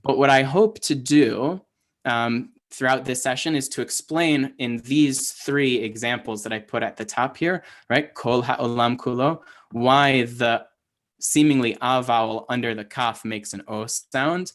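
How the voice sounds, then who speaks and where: A man's voice: medium pitch, measured pace, a bit bright. A man teaching a language class over a video call, explaining patiently and often checking in with his students. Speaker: Hebrew teacher. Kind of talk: online class lesson.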